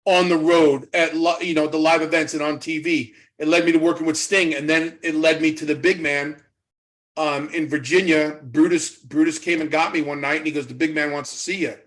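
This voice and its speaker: A man's voice: on the high side, poor audio. A man in his fifties, a former pro wrestler, telling stories in an interview and acting out the dialogue. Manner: animated storyteller acting out quoted dialogue. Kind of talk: casual storytelling interview.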